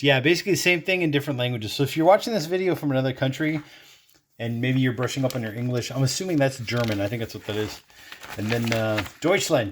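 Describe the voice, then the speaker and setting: An older man walks through a kitchen gadget in a casual review, his voice sitting at an ordinary middle pitch. He rambles and circles back, restarting phrases as he goes, with a chatty, offhand manner. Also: slight background noise. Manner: rambling, chatty, self-correcting. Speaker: product review host.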